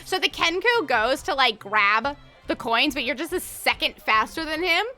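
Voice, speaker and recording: A woman's voice: high voice, animated, normal speed, pushed and bright, soft background music. A woman narrating as game master of a tabletop game, casual and loose, swearing and laughing as she goes.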